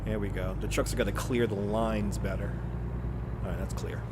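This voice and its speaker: A man's voice: lowish voice, measured pace, long pauses, very noisy. A man streaming a driving game in casual chat, joking and laughing often as he talks to viewers. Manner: joking, laughs often, self-mocking asides. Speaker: live streamer.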